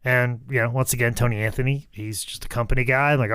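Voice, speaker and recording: A man's voice: medium pitch, fairly even intonation, quick pace, few pauses, a bit bright, clean tone, dry recording, studio quality. A man co-hosting a podcast, telling stories casually, swearing freely and acting out quotes. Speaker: podcast co-host. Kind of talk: casual storytelling chat.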